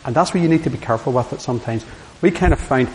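A man's voice: medium pitch, racing, darkish tone. A middle-aged man giving an earnest, anecdotal sermon. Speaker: preacher. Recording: hissy hall with long reverb.

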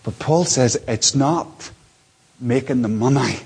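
A male preacher with a somewhat husky voice delivers a sermon from a church platform. He speaks earnestly, repeats his phrases, and swings between quiet asides and raised, emphatic lines. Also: mid-range voice, slow pace, big-room sound.

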